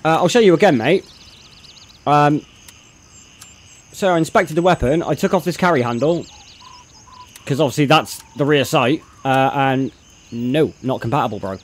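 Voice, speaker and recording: A man's voice: mid-range voice, normal speed, pauses often. A young man streaming a game, thinking aloud and greeting his chat. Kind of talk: live gameplay commentary.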